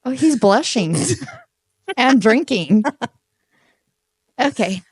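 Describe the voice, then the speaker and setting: A woman's voice: on the high side, expressive, drawn-out words, husky, no echo, clean studio sound. A woman co-hosting a podcast in casual chat, playful and teasing. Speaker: podcast co-host.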